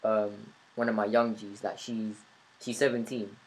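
A man's voice: fairly low pitch, little pitch movement, unhurried, poor audio. Young guy hosting a chill podcast chat, earnest and thoughtful, keeps talking in long runs. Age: 20s. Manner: reflective, earnest, long flowing points. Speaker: podcast host. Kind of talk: casual interview chat.

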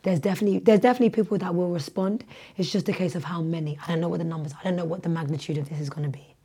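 Young woman, voice going hoarse, chatty podcast guest telling lively stories. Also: fairly low pitch, rapid-fire. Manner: animated storyteller, shouts when quoting herself. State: losing her voice, hoarse. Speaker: guest, teacher and singer. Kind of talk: casual podcast chat.

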